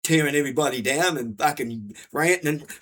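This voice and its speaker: A man, his voice sitting a bit higher than most men's. He rants bluntly and keeps swearing, looping back over the same points in a hard, sweary delivery. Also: a little fast, a bit bright. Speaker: vlogger. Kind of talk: angry profane rant.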